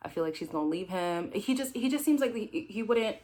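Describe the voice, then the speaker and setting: Chatty woman recapping a dating show for her viewers, frank and direct, mid-pitched, talks like she's with friends. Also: expressive, brisk, a little mellow. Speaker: recap host. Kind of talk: casual reaction commentary.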